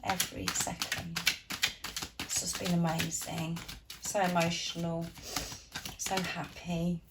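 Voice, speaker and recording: Woman tarot reader, low-pitched voice, gushing and encouraging, talks straight to viewers. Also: flat delivery, takes it slowly, heavy background noise. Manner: gushing, encouraging, laughs often; addresses viewers directly as guys. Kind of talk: weekly tarot card reading for viewers.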